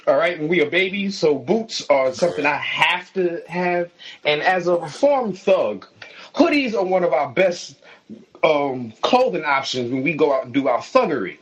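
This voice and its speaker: Lively joking man from New York. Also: a little high, moderate pace, poor audio. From New York City. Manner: joking, laughing often. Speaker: podcast co-host. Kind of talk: casual podcast chat.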